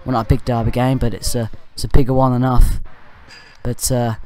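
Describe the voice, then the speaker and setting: A man talks over match footage in a loose, chatty commentary style. He drifts into jokey asides and corrects himself as he goes, at an ordinary mid-range pitch. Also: little pitch movement, fairly quick, mellow. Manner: rambling and jokey, with off-topic asides and self-corrections. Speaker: fan channel match commentator.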